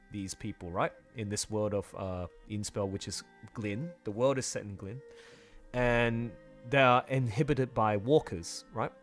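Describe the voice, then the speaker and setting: A man talking casually on a livestream while drawing, rambling and chatty. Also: fairly low pitch. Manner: rambling and chatty, full of fillers and asides. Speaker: artist streaming while drawing.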